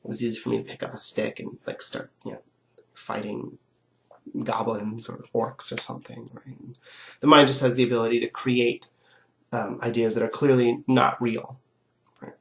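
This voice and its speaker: A man lecturing on philosophy in a voice that is rough and gravelly from being sick. He explains ideas step by step with everyday examples, in a loose, conversational way. He keeps checking in with his listeners with a quick "right?". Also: medium pitch, little pitch movement, a bit bright. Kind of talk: recorded lecture.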